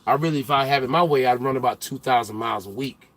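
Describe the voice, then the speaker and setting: A young male trucker hosting a casual livestream, chatting with viewers in loose slang and getting loud and animated as he teases the chat. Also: medium pitch, fast. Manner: loose slang-heavy banter, gets loud and animated when teasing chatters.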